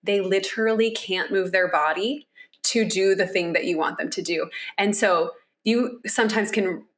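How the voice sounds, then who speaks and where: Animated woman co-host explaining. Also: mid-range voice, normal speed. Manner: animated, acts out quoted voices. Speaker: podcast co-host. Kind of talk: conversational explaining.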